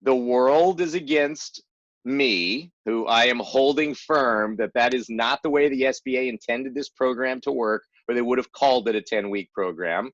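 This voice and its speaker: A man's voice: mid-range voice, normal speed, a bit bright, dry recording. A man presenting an explanatory webinar as an advisor, emphatic and rereading key phrases for stress. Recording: dull lo-fi webinar audio, dry.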